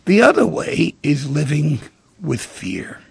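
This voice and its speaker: A male radio host with a heavily gravelly, husky voice speaks from a dry studio mic. His pitch rises and falls in a lively, animated way as he tells stories and acts out the people in them. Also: slow, no room sound. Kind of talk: radio talk monologue.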